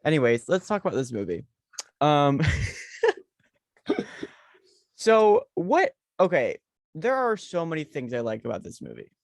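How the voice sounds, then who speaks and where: A man's voice: fairly high pitch, huge pitch swings, a little slow, pauses often, no room sound, clean studio sound. A young American man hosting a podcast in a playful, teasing chat. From United States. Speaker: podcast host. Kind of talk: casual chat.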